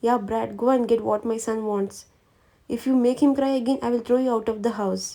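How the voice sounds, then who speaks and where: A woman's voice: on the high side, fairly even intonation, fast, vocal fry, mellow. A woman reading a story aloud, voicing a bossy mother who scolds and gives orders. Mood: threatening. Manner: scolding, commanding. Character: bossy, scolding mother-in-law, fierce yet loving.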